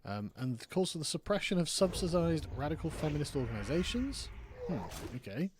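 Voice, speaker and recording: Male streamer, slightly high voice, dry sardonic riffing, noticeable background noise. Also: sing-song, fairly quick. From Britain. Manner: sardonic, reads aloud and riffs with mock outrage. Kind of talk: casual chat while gaming and reading aloud.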